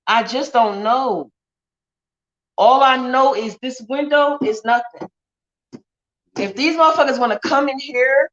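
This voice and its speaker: A woman's voice: sits high, fairly bright tone, lo-fi sound. Blunt, heated woman ranting on a livestream.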